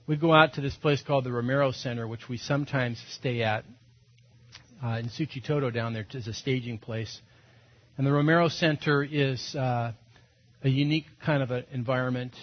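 A male pastor giving a sermon, telling animated, self-mocking stories and acting out what he said and thought. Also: medium pitch, normal speed. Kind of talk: storytelling sermon. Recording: dull lo-fi sound.

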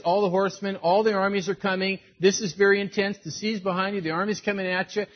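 A man pastor preaching a sermon in a conversational, emphatic way, dropping low and quiet for serious points, on a dull lo-fi recording. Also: breathy edge.

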